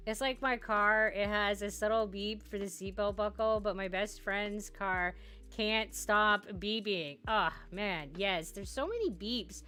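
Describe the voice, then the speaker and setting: Her voice mid-range, unhurried and sharp, with a clean tone, a woman streams from home and chats casually with her viewers. She is talkative, laughs a lot and leans heavily on the word "like."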